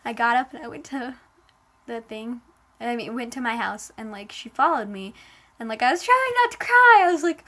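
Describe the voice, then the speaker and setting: A woman tells a personal story in a casual, emotional way, her voice sitting a little high. She piles on filler words and plays up the dramatic moments as she goes. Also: animated, normal speed, sharp tone.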